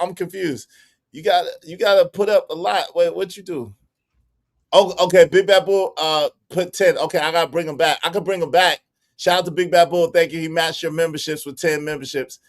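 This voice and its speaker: A fairly high-voiced man runs a casual livestream. He reacts to clips with bemused laughter and keeps thanking viewers by name. He sounds loose and chatty throughout. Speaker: livestream host.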